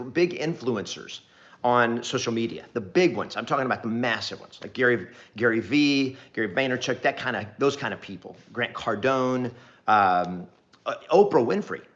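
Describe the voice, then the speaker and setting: A middle-aged man talks straight to camera as a motivational real estate coach, with a voice of ordinary pitch. He is earnest and rambling and keeps repeating phrases to drive the point home. The recording sounds a little dull. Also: fairly bright tone. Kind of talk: direct-to-camera motivational talk.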